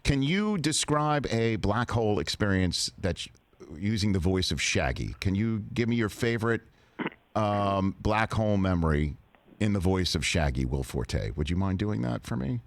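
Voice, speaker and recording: A man's voice: fairly low pitch, animated, normal speed, no echo. A man hosting a talk show, chatting casually and teasing his guest with playful, repeated questions. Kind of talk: casual interview chat.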